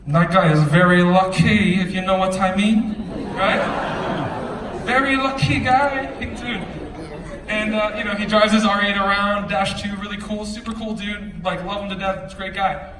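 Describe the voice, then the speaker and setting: Brief: young male stage speaker, high voice, energetic and joking, echoey hall with an audience. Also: normal speed, recorded from a distance, crowd noise, background noise. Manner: energetic, joking, chatty slang. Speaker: motivational speaker. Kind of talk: stage storytelling talk.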